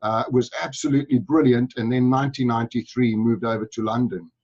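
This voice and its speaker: South African man, energetic guest storyteller, mid pitch, dull lo-fi sound. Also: fast talker, breathy edge. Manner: upbeat, enthusiastic storytelling. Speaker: guest sales speaker. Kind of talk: interview.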